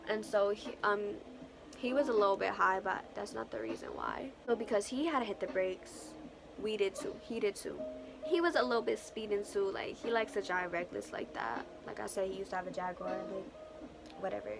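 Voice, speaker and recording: Speaking in a mid-range voice, this young vlogger recounts a story in a relaxed way. Her telling is lively and foul-mouthed, packed with slang and quotes she acts out.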